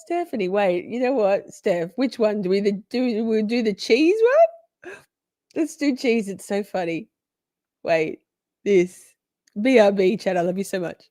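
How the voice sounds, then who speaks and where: A woman's voice: mid-range voice, animated, measured pace, warm tone, dry recording, clean studio sound. A woman hosting a live stream, chatting casually with viewers. She is playful, laughs often, swears freely and talks straight to her audience. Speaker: livestream host.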